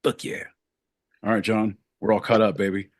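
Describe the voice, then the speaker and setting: A man's voice: fairly low pitch, moderate pace, no echo. Foul-mouthed guy cohosting, playful, dry close mic. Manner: profane, playful, animated. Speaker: podcast co-host. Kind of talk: crude comedic banter.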